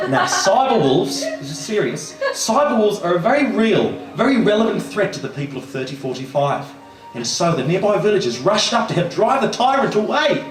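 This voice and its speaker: Giggly, theatrical comic storyteller. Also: male voice, high voice, very animated, a little fast. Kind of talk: live comedy storytelling. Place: small live performance venue. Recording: echoey venue, far from mic, music.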